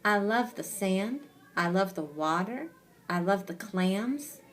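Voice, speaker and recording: A woman voicing a cheerful young girl from a children's chapter book as she reads aloud, in a gushing, slow, sing-song way. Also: mid-range voice, animated. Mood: delighted.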